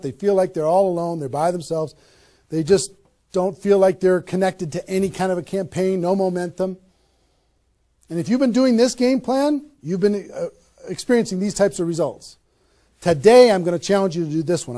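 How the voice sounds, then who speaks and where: A man giving an energetic motivational training talk to a small live audience, pressing home his points with emphatic rhetorical questions. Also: sits high. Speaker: network marketing trainer.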